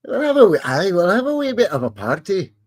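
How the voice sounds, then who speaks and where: A cheerful party-loving Scotsman, as a man puts him on in a broad, hammy mock Scottish accent. The voice jumps high above the speaker's own and bounces around with lively swings. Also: brisk, no echo, studio quality, full character voice. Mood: jolly. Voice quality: exaggerated and self-admittedly poor. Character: jolly Scotsman calling for a party.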